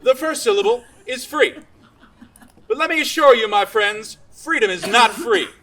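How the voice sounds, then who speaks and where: An actor in a comic stage play playing a blustering, dim-witted politician husband with a pompous, oratorical delivery. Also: male voice, extremely high pitch, lively intonation, moderate pace, sharp tone, heavily acted, rough recording.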